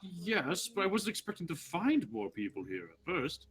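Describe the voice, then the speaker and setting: A man plays a casual tabletop game, eager and curious, asking questions and laughing readily. His voice sits slightly high and moves a lot in pitch. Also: big pitch swings, moderate pace, a bit bright. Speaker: player.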